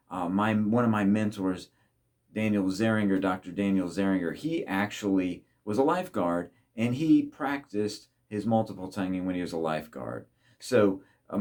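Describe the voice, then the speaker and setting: A man's voice: fairly low pitch, a little mellow. A man teaching trumpet, patiently explaining and speaking tonguing syllables aloud for the viewer to repeat. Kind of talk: instructional talk to camera.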